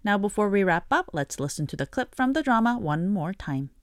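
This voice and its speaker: A woman hosting a radio language lesson, explaining an expression in a clear teaching tone. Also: medium pitch, big pitch swings, brisk.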